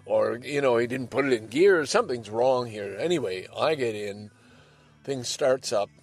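A man's voice: mid-range voice, expressive, normal speed. Rambling older man. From Canada. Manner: rambling, swings between heavy and lighthearted. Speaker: podcast host. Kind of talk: casual monologue. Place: home, by a window.

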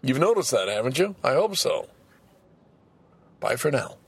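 Gravelly man talking in halting restarts. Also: mid-range voice, big pitch swings. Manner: halting, repeats words and restarts. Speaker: podcaster. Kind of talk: personal audio diary.

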